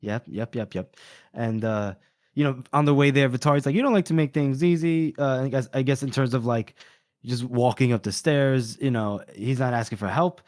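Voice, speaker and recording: A man co-hosting a podcast, chatting loosely about a book and retelling scenes with quick snatches of character voices. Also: mid-range voice, a little mellow, no room sound, studio quality. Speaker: podcast co-host. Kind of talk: casual book discussion.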